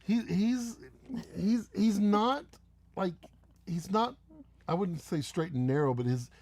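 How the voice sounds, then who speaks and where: Gravelly man rambling on a live stream. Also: high voice, takes it slowly, darkish tone. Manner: rambling, teasing, laughs often. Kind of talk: casual live chat, reading viewer comments.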